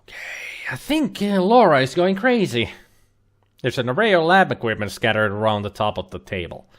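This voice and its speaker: A man's voice: medium pitch, sing-song, normal speed. A man hosting a let's play, reading out game text and adding dry joking asides.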